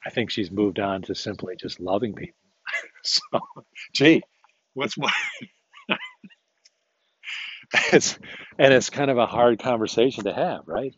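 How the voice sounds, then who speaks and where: Husky low-voiced man thinking aloud. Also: measured pace, pauses often, muffled recording. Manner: rambling, thinking aloud with many restarts. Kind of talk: casual reflective monologue.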